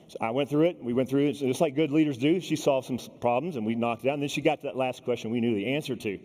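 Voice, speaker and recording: Animated man giving a keynote in a reverberant hall. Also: medium pitch, rapid-fire. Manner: animated, addresses the audience directly and acts out quoted people. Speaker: keynote speaker. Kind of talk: storytelling keynote speech. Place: large conference hall.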